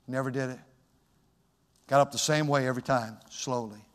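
A man preaching a sermon, moving from quiet storytelling to loud, shouted exhortation. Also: mid-range voice, steady tone, moderate pace. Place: church sanctuary. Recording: long hall reverb.

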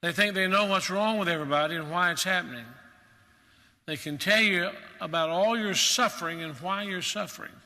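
A man's voice: sits high, fairly quick, sharp tone, in a large hall. A male preacher delivering a sermon in an earnest, emphatic manner.

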